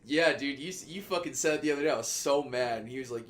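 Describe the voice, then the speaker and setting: A young man co-hosting a comedy podcast, swearing a lot and breaking into loud, laughing rants. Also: mid-range voice, steady tone, quick pace, slight background noise. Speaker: podcast co-host. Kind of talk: casual comedic banter.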